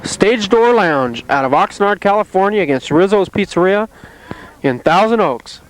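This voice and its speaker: A man calling play-by-play at an amateur softball game outdoors, in a calm, steady, plainly descriptive way. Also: high voice, moderate pace, low-quality recording. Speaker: play-by-play announcer.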